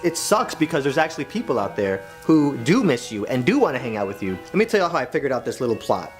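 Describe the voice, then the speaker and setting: Guy youtuber narrating a funny story, swoops his pitch a lot, does little voices for people. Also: fast talker, faint music behind. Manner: animated, acts out quoted voices. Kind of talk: scripted comedic storytelling.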